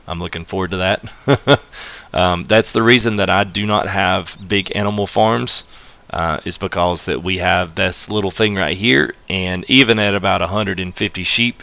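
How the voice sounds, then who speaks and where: A man live-streaming a farming game, explaining casually with many fillers and greeting chat, his voice a little hoarse. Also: deep voice, dry recording. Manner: rambling, many fillers, friendly shout-outs to chat. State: slightly hoarse.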